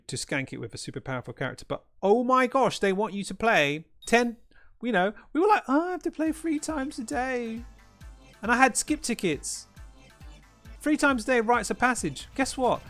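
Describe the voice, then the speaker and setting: A man's voice: a little high, a bit bright. A man hosting a gaming channel, ranting in an exasperated way with frequent swearing and rhetorical questions. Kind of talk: ranting game commentary.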